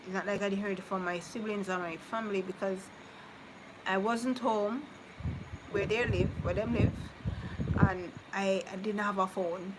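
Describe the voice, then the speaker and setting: A woman's voice: mid-range voice, fairly even intonation, measured pace, background noise. A woman, chatting casually with live-stream viewers. She rambles, repeats herself, and speaks from the heart. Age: 30s. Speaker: vlogger reading live chat.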